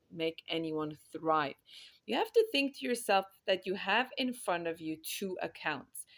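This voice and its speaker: A woman's voice: fairly low pitch, a bit bright. A woman giving earnest, emphatic parenting advice, stacking phrases in repeated lists. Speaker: parenting speaker.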